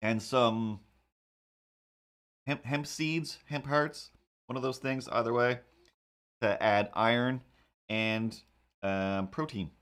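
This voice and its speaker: A man's voice: medium pitch, fairly even intonation, takes it slowly, pauses often, fairly bright tone. A man chatting casually while he draws, rambling in a wry, incredulous way. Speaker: cartoonist streamer. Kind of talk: casual chat while drawing.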